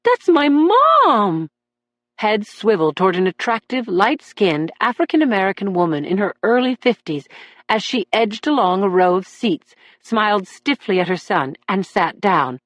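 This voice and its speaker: A woman narrating a crime thriller audiobook at a mid pitch, steady and even. Her read is dry and close, with no room sound. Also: moderate pace, no room sound. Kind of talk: scripted narration.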